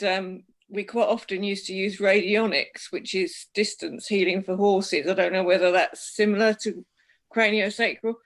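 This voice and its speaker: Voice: medium pitch, fairly bright tone. Speaker recounting experiences hesitantly. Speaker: group participant. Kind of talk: casual group chat.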